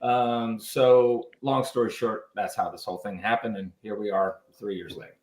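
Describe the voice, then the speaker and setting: A man, a musician and guest on a radio show, telling stories about his band in an animated way. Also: lowish voice, moderate pace, roomy sound, poor audio. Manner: animated storyteller, lively quoted voices. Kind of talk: storytelling in interview.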